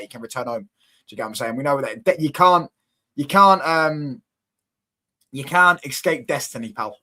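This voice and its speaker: Bright-voiced lad, casual football chat. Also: male voice, medium pitch. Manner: banter-filled, repetitive, keeps asking if you get what he's saying. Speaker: football watchalong host. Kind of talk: casual live-stream chat, reading and answering viewer comments.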